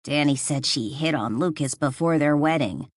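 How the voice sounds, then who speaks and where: A woman's voice: deep voice, normal speed, no echo, studio quality. A woman voicing a playful teasing young woman. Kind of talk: audiobook character voice.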